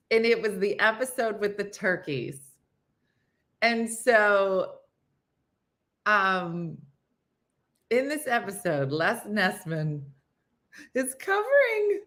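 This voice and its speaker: A woman's voice: mid-range voice, fairly bright tone. A woman hosting a casual morning chat show, rambling through stories, laughing at them and losing her train of thought.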